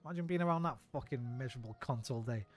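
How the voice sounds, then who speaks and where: A man's voice: medium pitch, very fast. A young man rants and swears casually while streaming a game. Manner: sweary, ranting. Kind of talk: casual gameplay chat.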